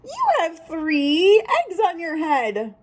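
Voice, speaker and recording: A woman's voice: extremely high pitch, wildly swooping pitch, takes it slowly, voice pushed up, exaggerated voice. A woman voicing a cheerful, helpful female pig in a storybook read-aloud, in an upbeat, encouraging way.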